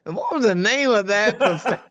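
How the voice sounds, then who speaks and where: A man's voice: high-pitched, lively intonation, normal speed, a bit bright, no room sound, dull audio. An older man, a guest actor, telling stories in a casual interview, rambling and searching for words, laughing often. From United States.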